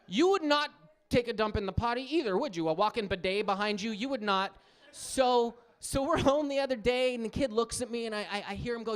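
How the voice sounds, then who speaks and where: A man in his thirties doing a stand-up comedy set on a club stage, telling animated stories and acting out the people in them. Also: a little fast, clear, resonant tone. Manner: animated storytelling, acts out quotes in higher voices.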